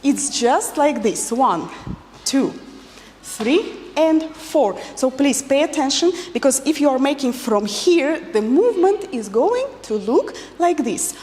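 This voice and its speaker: Dance teacher lady, high voice, slow and patient, counts out loud, echoey hall. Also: animated, slight background noise. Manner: patient, counts beats aloud while demonstrating. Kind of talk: instructional dance lesson.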